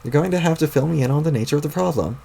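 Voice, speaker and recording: A man's voice: fairly high pitch, very fast, creaky, dark tone, breathy edge. A man reading a webcomic aloud, voicing a crabby, sarcastic young alien troll boy who swears.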